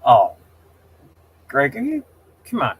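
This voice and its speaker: Male streamer, casual chat, mid-range pitch, rambling, easily exasperated. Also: huge pitch swings, takes it slowly, slight background noise. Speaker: livestream host.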